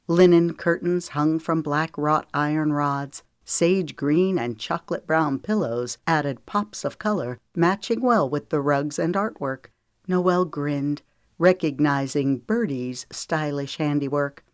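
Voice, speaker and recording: A woman narrating a romance audiobook in a calm, measured way. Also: low-pitched, no room sound, clean studio sound. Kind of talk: scripted narration.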